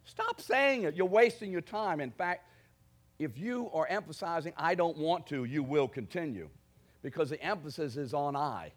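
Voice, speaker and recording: A man's voice: on the high side, lively intonation, moderate pace. Emphatic male pastor preaching. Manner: emphatic, building to forceful declarations; addresses the congregation with direct questions. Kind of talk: sermon.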